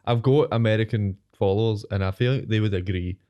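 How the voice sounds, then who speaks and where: Man, Scottish accent, lowish voice, hesitant wry casual chat, podcast co-host. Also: brisk, highs cut off. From Scotland. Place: podcast studio.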